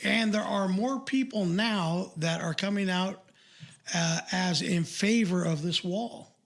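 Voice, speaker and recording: An older man with a notably high voice co-hosts a podcast in casual chat. He rambles, circling back with fillers and restarts as he goes. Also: slow pace, vocal fry. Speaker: podcast co-host.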